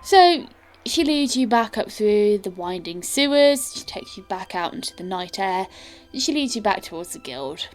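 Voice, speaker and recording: A woman's voice: mid-range voice, sing-song, moderate pace, hardly any pauses, soft background music, low-quality recording. Woman narrating as game master.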